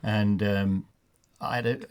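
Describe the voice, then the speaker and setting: A man with a Black Country accent, a retired football referee telling funny anecdotes in a relaxed studio chat. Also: lowish voice, slow, clean tone. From England. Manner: anecdotal, laughs at his own stories, many restarts. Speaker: studio guest, former referee. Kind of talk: storytelling in a casual chat.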